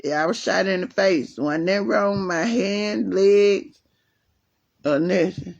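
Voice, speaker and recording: A woman hosting a casual livestream from home, chatting and reading viewer comments while telling a story in a lively way. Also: mid-range voice, unhurried, vocal fry, lo-fi sound. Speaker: livestream host. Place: at home, resting with leg elevated.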